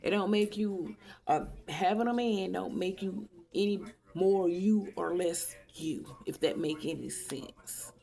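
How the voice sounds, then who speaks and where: A woman talks straight to her viewers in a casual vlog. She is blunt, profane and opinionated. Her voice sits a little low, with a heavy gravelly fry. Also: takes it slowly, dark tone. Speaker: YouTube vlogger.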